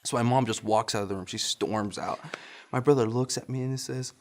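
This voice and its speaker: A man's voice: medium pitch, fairly quick, darkish tone. A young adult man, a pastor, telling a personal story in a casual sermon and often chuckling as he goes.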